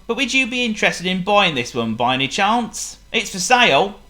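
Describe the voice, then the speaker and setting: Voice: mid-range voice, big pitch swings, moderate pace, bright, forceful tone, pitched above the performer's own voice. A storybook narrator voicing a friendly man at an airfield who calls people mate while selling a plane. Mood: chummy. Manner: matey, salesman-like.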